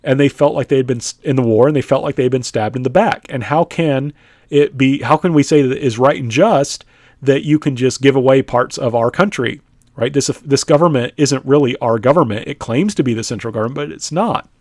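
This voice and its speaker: A man gives a recorded history lecture in an easy, conversational way, often pausing to check with "right?" and filling gaps with "uh." His voice sits in a middle pitch. The recording is dry and close, with no room echo. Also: a little mellow. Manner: conversational, frequent "right?" and "uh" fillers. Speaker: history teacher.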